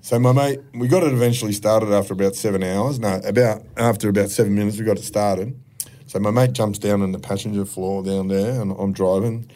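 A man's voice: fairly low pitch, steady tone, a little fast, mellow. A middle-aged Australian man telling rambling, profane stories as a podcast guest. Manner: rambling, profane anecdotes with frequent laughs. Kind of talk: casual storytelling.

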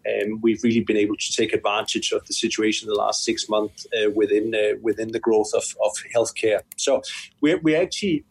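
A man's voice: lowish voice, steady tone, a little fast, vocal fry, husky, rough recording. A man, a chief executive, answering business interview questions in a hesitant way with many fillers and restarts. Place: Singapore.

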